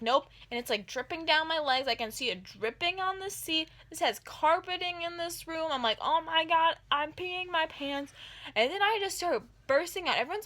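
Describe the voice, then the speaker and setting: Bright-voiced young woman telling a story. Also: high-pitched. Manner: rambling, filler-heavy, animated retelling. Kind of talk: casual storytime vlog.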